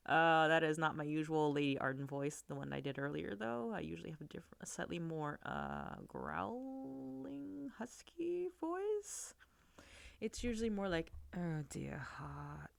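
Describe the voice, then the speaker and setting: A woman's voice: low voice, very animated, normal speed, gravelly, clear, resonant tone. Giggly chatty woman streamer. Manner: giggly, chatty, full of "like" fillers. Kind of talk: casual chat on a livestream.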